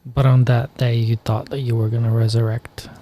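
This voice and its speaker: A male interviewer with a flat, even delivery and a dark, mellow tone. He keeps his questions brief and calm, steering the conversation. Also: medium pitch, moderate pace, slight background noise.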